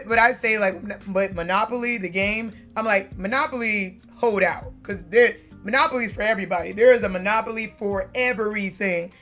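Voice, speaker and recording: Chatty woman vlogger, sharp bright voice, swears a lot, bit of music low in the back. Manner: animated, chatty, profane, frequent fillers. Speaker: card-collecting vlogger. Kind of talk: casual storytelling to camera.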